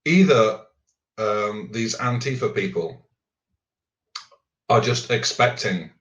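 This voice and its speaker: A man's voice: lowish voice, animated, slow pace, a bit bright. A man hosting a casual chat, talking hesitantly with restarts and fillers. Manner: hesitant, restarts and fills often. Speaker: show host. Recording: echoey muffled audio from a distant mic.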